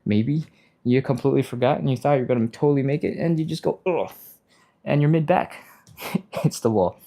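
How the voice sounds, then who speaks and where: A man leads a live stretching session, walking through each move in a relaxed, conversational way. His voice is mellow and middle-pitched, and he laughs easily while chatting with viewers. Now and then he jumps into a high, panicky yelp to act out a nervous body. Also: a little fast, creaky. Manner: casual, chatty, explains step by step, laughs often. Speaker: stretching instructor, live stream host. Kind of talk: live-streamed workout instruction, reading chat.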